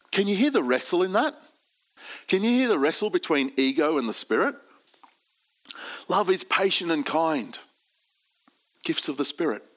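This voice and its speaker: Slow, deliberate male preacher. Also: mid-range voice, a bit bright. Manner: slow, deliberate, stressing key words. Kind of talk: sermon with scripture reading.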